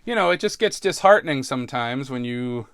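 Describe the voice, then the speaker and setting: A man's voice: medium pitch, animated, brisk, creaky, fairly bright tone, smooth, no room sound. Rambling, self-mocking man, dry close sound. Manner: self-deprecating, laughs often, trails off and restarts. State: stressed. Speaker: podcast host. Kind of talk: casual rambling monologue.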